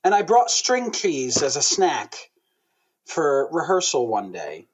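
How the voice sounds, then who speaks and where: An American man, a musical director, chatting as a podcast guest and telling lively stories. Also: on the high side, takes it slowly, dull audio. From United States. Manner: animated storyteller, laughs mid-sentence. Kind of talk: casual podcast chat.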